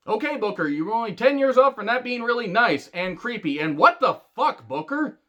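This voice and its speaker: Sarcastic male reviewer, lively high-ish delivery, profane rant, muffled lo-fi mic. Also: fairly quick. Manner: angry, sarcastic, heavy swearing. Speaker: wrestling reviewer.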